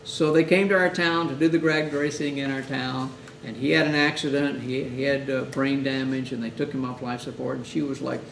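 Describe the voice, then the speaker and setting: Gravelly man teaching in an echoey room. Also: mid-range voice, level tone, a little fast, hardly any pauses, a bit bright. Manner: conversational, acts out family and chaplain exchanges. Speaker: chaplain instructor. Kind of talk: teaching lecture. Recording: echoey room, mic far off, faint hiss.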